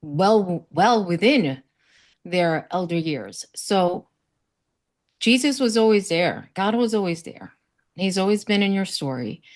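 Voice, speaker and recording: Her voice has a medium pitch and is expressive, moving at a slow pace. A South Florida woman on a summit panel, she chats casually, sharing heartfelt faith stories and acting out the voices of people she quotes.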